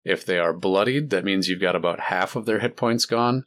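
A man narrating a tabletop role-playing game as dungeon master, explaining rules in a relaxed way with many fillers. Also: sits low, normal speed.

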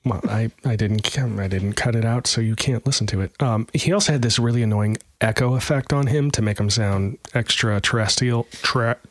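A man's voice: on the low side, normal speed, few pauses, dry recording. Rambling man podcast co-host, dry sound. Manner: rambling, self-deprecating, full of fillers. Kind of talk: casual chat.

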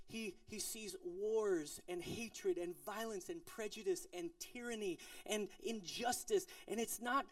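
A middle-aged male pastor giving a sermon in a casual, storytelling way, with playful asides and moments of quiet intensity. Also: high voice, measured pace. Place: church service in an office building.

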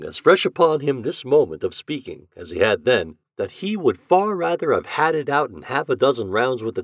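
A man's voice: medium pitch, no echo, studio quality. A man narrating a classic story aloud as a podcast reader, telling it expressively. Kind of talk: reading classic fiction aloud.

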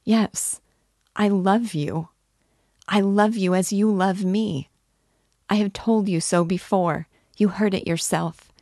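A woman's voice: low-pitched, fairly even intonation, takes it slowly, vocal fry, darkish tone, dry recording, studio quality, full character voice. A woman reading the part of an emotional young woman torn in love, pleading and breaking off mid-sentence. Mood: impassioned. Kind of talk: dramatic reading of a novel.

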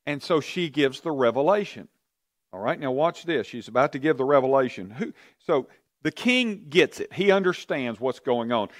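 A man's voice: medium pitch, animated, moderate pace, no echo, clean studio sound. A man teaching a Bible study, telling the story with energy and asking his class questions.

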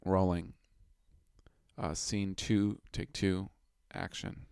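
A man's voice: low voice, flat delivery, takes it slowly, vocal fry, a little mellow, clean tone, no echo, clean studio sound. A young man co-hosting a podcast in goofy, rambling casual chat, calling out mock film-set cues. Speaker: podcast co-host.

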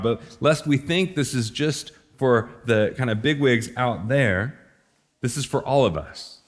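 A man's voice: medium pitch, lively intonation, a little slow. Casual-sounding male preacher. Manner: casual, conversational preaching with slang and laughs. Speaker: pastor. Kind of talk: sermon.

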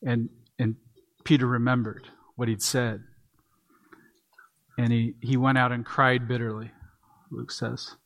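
Going verse by verse through a text, a male pastor delivers a sermon in a plain, conversational way, occasionally restarting a phrase. His middle-pitched voice has a fairly bright tone, and he speaks flatly at a measured pace, pausing often.

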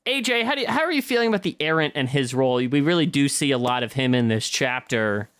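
A man's voice: medium pitch, animated, fast, fairly bright tone, clear, resonant tone, no echo, studio quality. A man co-hosting a casual book discussion, playful with mock-formal asides. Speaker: podcast co-host.

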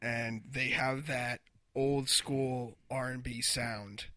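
A man's voice: mid-range voice, level tone, takes it slowly, pushed and bright, no echo. A man co-hosting a podcast, chatting casually and hesitantly. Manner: hesitant, restarts often. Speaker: podcast co-host. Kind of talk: casual chat.

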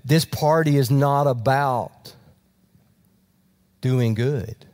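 A man voicing a gentle, loving father who pleads softly with his son. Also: extremely slow. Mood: tender. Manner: soft, low, tender pleading.

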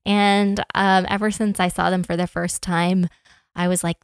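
A woman's voice: on the low side, flat delivery, normal speed, clean tone, dry recording, clean studio sound. Playful young woman podcast co-host. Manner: enthusiastic, playful. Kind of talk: casual chat.

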